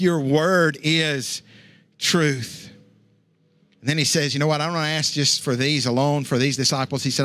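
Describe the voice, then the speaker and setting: A man preaching a sermon with passion, using casual asides, rising high and loud, then dropping low and hushed. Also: dry recording, clean studio sound. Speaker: pastor.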